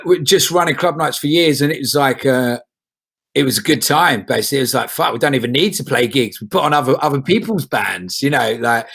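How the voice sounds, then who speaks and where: A folk singer, chatting as an interview guest in a rambling way, with lots of restarts and casual swearing. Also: male voice, medium pitch, creaky, a bit bright, breathy edge. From England.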